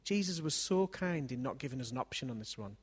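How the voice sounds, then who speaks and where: A man's voice: medium pitch, expressive, quick pace, slightly rough. A man preaching in a church service, telling a family story in a chatty way and often ending on tag questions. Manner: conversational, leans on tag questions.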